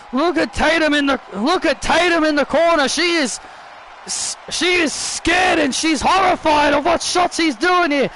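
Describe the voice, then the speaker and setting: A man giving excited play-by-play commentary on a wrestling video game, often repeating and restarting his phrases. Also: extremely high pitch, slight background noise, low-quality recording. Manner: repeats and restarts phrases, shouts at big moments.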